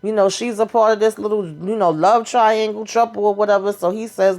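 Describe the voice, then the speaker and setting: A woman's voice: medium pitch, steady tone, fairly quick, a little mellow. A woman recapping a TV episode in a casual, chatty and slangy way, telling the story as she goes. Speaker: TV recap vlogger.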